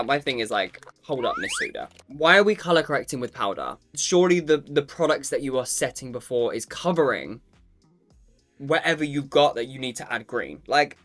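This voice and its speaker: A man's voice: fairly high pitch, fairly bright tone. A man reviewing makeup to camera in a casual, campy and sassy way, swearing freely and calling the viewer "girl". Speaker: makeup vlogger.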